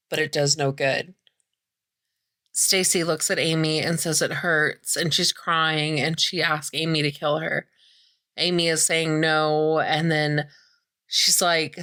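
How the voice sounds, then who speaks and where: Low-pitched, chatty woman recapping a movie. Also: sharp tone. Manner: chatty, many "like" fillers, swears freely. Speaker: podcast host.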